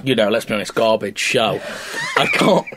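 A man's voice: on the low side, fairly even intonation, normal speed, background noise. A man co-hosting a podcast in casual chat, blunt and opinionated, with plenty of swearing. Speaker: podcast co-host.

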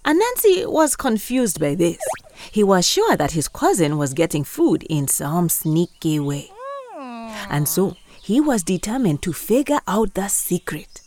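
A woman narrating a children's story in a lively, expressive way, asking her young listeners questions. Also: lowish voice, measured pace.

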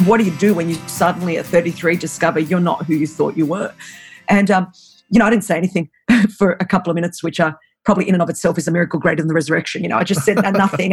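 A woman in her forties with an Australian accent, a guest telling a personal story with lively energy and frequent laughs. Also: lowish voice, rapid-fire, breathy edge, soft background music. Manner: lively, animated storyteller who laughs often. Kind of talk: storytelling in an interview.

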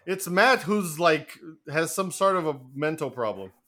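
A man's voice: on the high side, big pitch swings, bright, forceful tone. A man co-hosting a podcast, bantering and cursing casually in chat. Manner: bantering, quick to curse. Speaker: podcast co-host.

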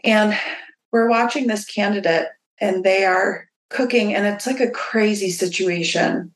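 A woman business owner telling stories in a casual interview, lively and acting out quoted dialogue. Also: mid-range voice, a little slow, roomy sound. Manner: animated, acts out quoted dialogue.

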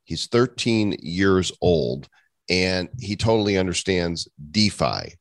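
Man, very low voice, dry close sound, jokey podcast co-host, casual chat. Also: sing-song, takes it slowly, dry recording. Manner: jokey, laughing, reads listener reviews.

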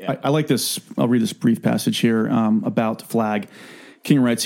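A man's voice: medium pitch, steady tone, vocal fry, darkish tone. A man hosting a book podcast, chatting enthusiastically and reading passages aloud. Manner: enthusiastic, joking, halting restarts. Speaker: podcast host. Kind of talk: casual book-club chat, reads passages aloud.

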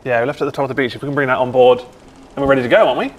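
A man, playing a tabletop game in quick, chatty banter. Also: mid-range voice, fairly even intonation, over a noisy crowd. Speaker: player. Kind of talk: tabletop role-play banter.

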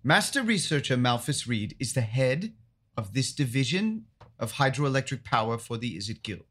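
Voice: mid-range voice, very animated, normal speed, a bit bright, breathy edge. A game master voicing a brusque, officious female supervisor of a pump station in a tabletop game. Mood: dismissive. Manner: haughty, clipped, officious.

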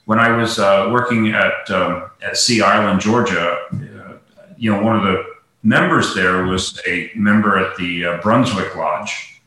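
Brief: male guest, bright rambling delivery full of fillers, very echoey room. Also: on the low side, measured pace. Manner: rambling, many fillers and restarts. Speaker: guest, golf professional. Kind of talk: casual interview talk.

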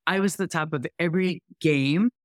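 A middle-aged woman, a podcast guest, telling a story in an animated way and acting out both sides of a conversation. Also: deep voice, normal speed, dry recording, clean studio sound. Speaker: podcast guest, workplace author and speaker. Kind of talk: storytelling interview chat.

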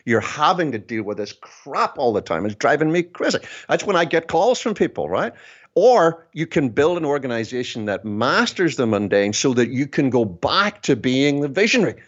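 Lively Scottish man, muffled line. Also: mid-range voice, moderate pace. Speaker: business consultant guest. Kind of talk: podcast interview.

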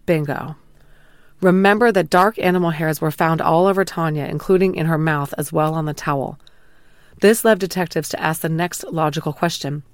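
A woman hosting a true crime podcast, calmly reading a scripted retelling of a police interrogation. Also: low-pitched, no room sound, studio quality. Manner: calm, measured retelling of an interrogation, quoting lines plainly. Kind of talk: scripted narration.

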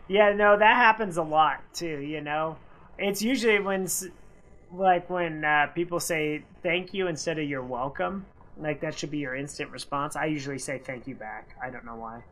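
A radio co-host bantering casually with quick quips and agreeing asides. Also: medium pitch, fairly bright tone.

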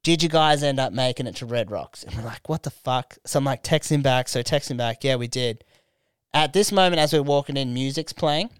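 A man's voice: mid-range voice, a little fast, smooth, dry recording. Australian man telling a rowdy story. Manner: rambling, swears freely, acts out voices. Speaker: podcast host. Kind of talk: casual storytelling chat.

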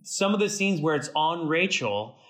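A man chatting as an interview guest, with a fairly high voice. He tells his stories in quick bursts and acts out every quoted line. His speech is loose and full of restarts. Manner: animated, acts out quoted dialogue with big pitch jumps; frequent fillers and restarts, fast bursts. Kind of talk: casual interview storytelling.

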